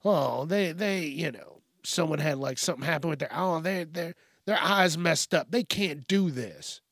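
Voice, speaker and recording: Man mocking a whiny excuse-maker: hesitant, gravelly, mumbled. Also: a little high, normal speed, fairly bright tone, no room sound, studio quality.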